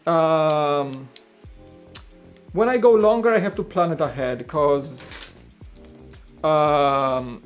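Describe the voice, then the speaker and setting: A man's voice: a little high, drawn-out words, pauses often, soft background music. A man hosting a casual live stream while building, rambling and thinking aloud to his chat into a studio mic at his home setup.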